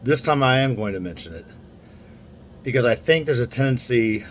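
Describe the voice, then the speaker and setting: A man's voice: mid-range voice, lively intonation, moderate pace, slight background noise. A young man talking to camera in a casual, rambling monologue, full of restarts and asides. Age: young adult. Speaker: vlogger.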